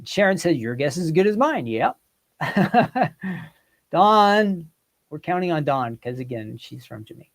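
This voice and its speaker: A man with a fairly high, bright, sing-song voice hosts a casual livestream quiz at normal speed. He playfully reads out viewers' guesses and comments and teases them.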